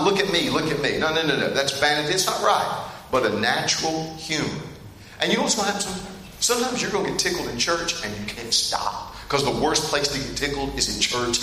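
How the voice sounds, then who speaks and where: The sermon comes from a middle-aged man with a mid-range voice who tells animated stories to the congregation, addressing them directly and cracking himself up at the funny moments. It was recorded in a church hall that echoes, with faint room noise underneath.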